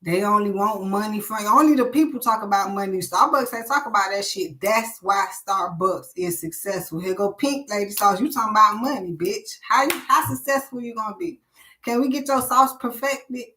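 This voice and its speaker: A woman's voice: medium pitch, moderate pace, bright, forceful tone. A woman hosting a live stream, ranting bluntly and preachily with lots of swearing.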